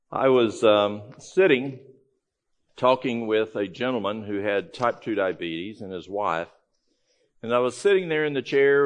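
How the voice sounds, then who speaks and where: Folksy male speaker telling a story. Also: medium pitch. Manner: conversational, folksy, with frequent restarts. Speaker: health ministry speaker. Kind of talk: storytelling talk to a live audience.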